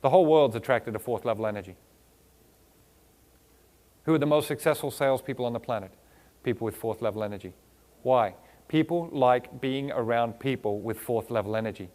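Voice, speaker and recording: Speaking briskly but with long pauses, a man with a medium-pitched, darkish voice and a foreign accent gives a motivational keynote on stage to a live audience. He throws out rhetorical questions and word lists and teases playfully.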